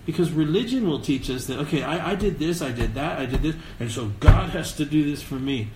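A man's voice: on the high side, expressive, a little fast, background noise. Earnest man preaching in an echoey room. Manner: earnest, conversational preaching with emphatic rises and rhetorical questions. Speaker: pastor. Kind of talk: podcast sermon.

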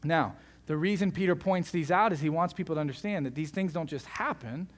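A man's voice: fairly high pitch, brisk. A male pastor preaching a sermon in a conversational, joking storytelling manner.

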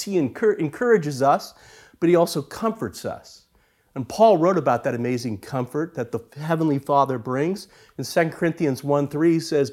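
A middle-aged man preaching a sermon, telling personal stories with humor and animated delivery. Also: fairly high pitch. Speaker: pastor.

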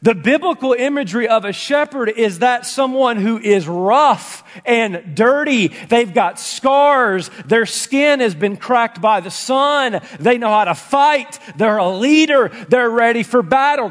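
A man preaching a sermon in a church, emphatic, swinging between loud and hushed delivery. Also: very high voice, animated, a little slow, few pauses. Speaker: pastor. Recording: long reverb from a large room.

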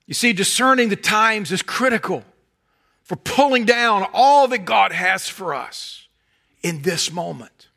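A middle-aged man with a Southern American accent from North Carolina, preaching a sermon with folksy humor and animated storytelling that drops to soft intensity. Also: high voice, a little slow, gravelly.

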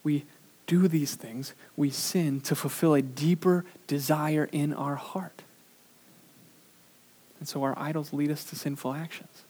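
A man preaching a sermon in an earnest way, sometimes pausing on "uh", who pushes his voice up for emphasis and then drops it low and quiet. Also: fairly even intonation, husky. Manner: earnest preaching with frequent "uh" fillers. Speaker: pastor.

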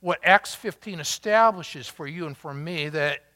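A man preaching a sermon, slow and emphatic, drawing out key words with long pauses. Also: fairly high pitch, pushed and bright. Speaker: pastor.

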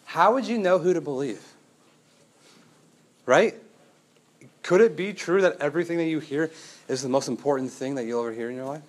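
Animated young man preaching a sermon. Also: a little high, normal speed, long pauses. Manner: conversational and animated, with rhetorical questions and acted-out quotes. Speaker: pastor.

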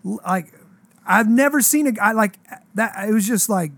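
Animated high-voiced male pastor storyteller. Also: normal speed. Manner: animated, slangy, acts out quoted dialogue. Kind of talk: casual storytelling on a podcast.

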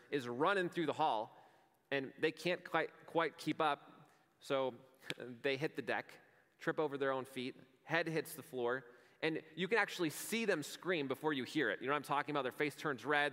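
A man's voice: medium pitch, pushed and bright. A male pastor delivering a sermon in an earnest, conversational way, telling vivid everyday stories. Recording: long hall reverb.

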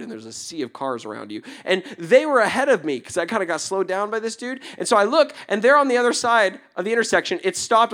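A young adult male pastor with a voice that sits high tells a story during a sermon. He laughs often and lowers to a hushed tone for the tender moments.

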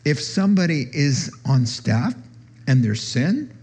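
Very animated yet unhurried, a man with a darkish, slightly rough voice preaches like he's having a conversation. He's a pastor who imitates the people he quotes by lifting his pitch.

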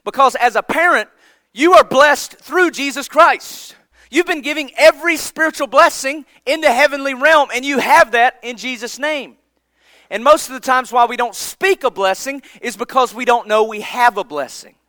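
Bright-voiced preacher man. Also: very high voice, moderate pace, no echo. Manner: earnest, emphatic preaching with dramatic drops in volume. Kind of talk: sermon.

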